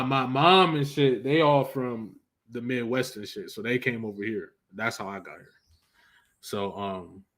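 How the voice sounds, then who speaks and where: A man's voice: medium pitch, sharp tone. A young man from Arizona, hosting a livestream and chatting loosely in heavy slang, tagging his points with "you feel me". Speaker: livestream host. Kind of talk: casual livestream chat.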